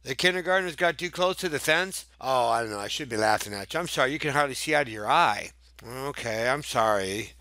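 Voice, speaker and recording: A man's voice: mid-range voice, lively intonation, brisk, sharp tone, dry recording. A man teaching a math lesson for children in a playful, chatty way, with sing-song exclamations and little jokes.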